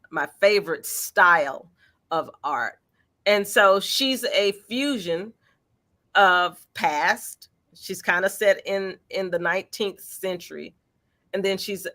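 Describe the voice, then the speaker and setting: Bright, encouraging woman explaining her art. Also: fairly low pitch. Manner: encouraging, lively, explains with everyday examples. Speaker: featured artist, guest. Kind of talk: interview answers.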